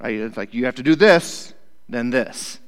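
Chatty youth pastor in a reverberant hall. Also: male voice, medium pitch, moderate pace, clean tone. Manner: conversational, keeps checking in with "right?". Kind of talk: casual sermon.

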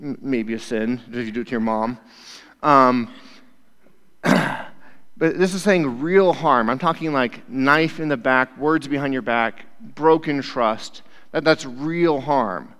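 A male youth pastor with a mid-range, slightly bright voice preaches slowly in a casual sermon. He stays conversational, repeatedly checking in with "right?", and a long hall reverb shows he's in a big echoing space.

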